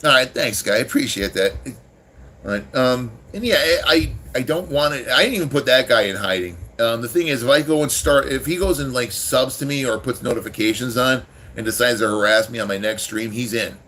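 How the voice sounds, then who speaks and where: A man's voice: mid-range voice, fairly quick, bright, forceful tone, slight background noise. A man hosting a casual livestream, rambling with many restarts and swearing freely as he talks to his chat. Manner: rambling, profane, irritated with chat. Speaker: livestream host.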